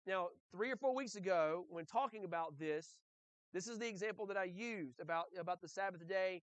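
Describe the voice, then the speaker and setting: A man's voice: high-pitched, normal speed, no echo. A man pastor preaching a conversational sermon in church, often checking in with the congregation and asking rhetorical questions.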